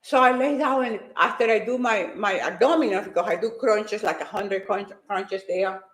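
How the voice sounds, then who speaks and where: A woman and fitness competitor giving an emotional, animated personal faith testimony. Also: medium pitch, moderate pace, echoey room.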